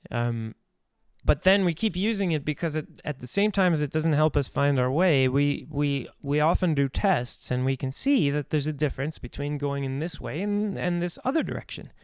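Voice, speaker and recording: A man's voice: fairly high pitch, moderate pace, clear, resonant tone, dry recording, clean studio sound. A man teaching singing technique on a live stream, explaining ideas aloud with restarts and small sung demonstrations.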